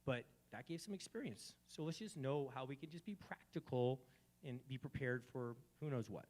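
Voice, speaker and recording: A man hosting a live gathering, giving a preachy spiritual talk that swings between hushed and emphatic. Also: mid-range voice, animated, moderate pace. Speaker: event host.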